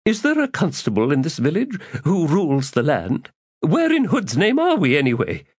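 A man voicing a blunt, demanding male wizard who questions loudly. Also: a little high, wildly swooping pitch, moderate pace, slightly rough, no room sound, studio quality, pitched above the performer's own voice, full character voice.

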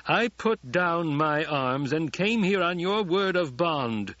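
A man voicing a proud, furious aging emperor who barks and shouts his lines. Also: on the high side, expressive, moderate pace, breathy edge, no room sound, dull audio, pitched above the performer's own voice. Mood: furious shouting. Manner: barking, shouting, sneering.

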